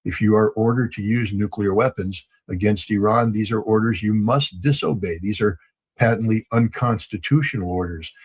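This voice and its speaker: A man giving measured political commentary in a formal, grave, emphatic way, with some filler ums. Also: lowish voice, slightly rough.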